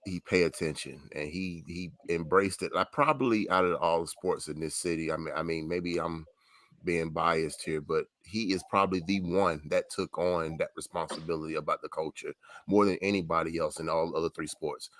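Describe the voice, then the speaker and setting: Very deep-voiced co-host. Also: male voice, steady tone, normal speed, no echo. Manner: enthusiastic storyteller. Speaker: podcast co-host. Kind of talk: casual sports talk.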